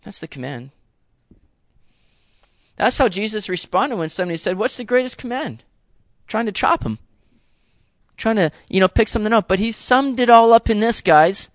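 A man preaching a sermon in a conversational, animated way, with playful asides to the congregation. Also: high-pitched, moderate pace, long pauses, no echo, highs cut off. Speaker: pastor.

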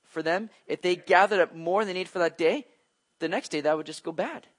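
A man preaching a conversational sermon. He is animated, drops in casual asides and acts out the voices of the people he describes. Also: sits high, fairly quick. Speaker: pastor. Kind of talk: expository sermon.

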